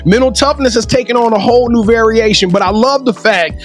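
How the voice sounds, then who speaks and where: A man hosting an interview, playful and lively, with slang like "y'all". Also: very high voice, brisk, faint music behind. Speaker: interview host. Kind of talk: casual interview chat.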